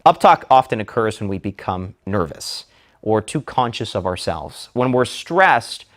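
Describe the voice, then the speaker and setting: A man teaching public speaking in a scripted lecture, with measured, deliberate delivery. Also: fairly low pitch, very animated, fairly bright tone. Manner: measured, deliberate delivery with slow emphatic phrases.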